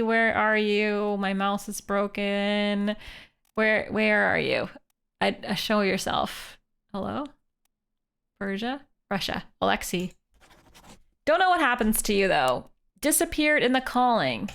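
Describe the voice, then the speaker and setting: A woman's voice: medium pitch, animated, slow, gravelly, a bit bright, slight background noise. A woman from Canada, a streamer, thinking aloud in casual, playful live game commentary.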